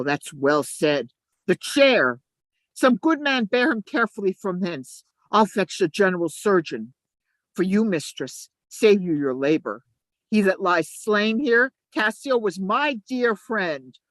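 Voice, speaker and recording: A woman reading the part of a scheming male ensign in an amateur play reading, moving between urgent shouts and low asides. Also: expressive, takes it slowly, dry recording.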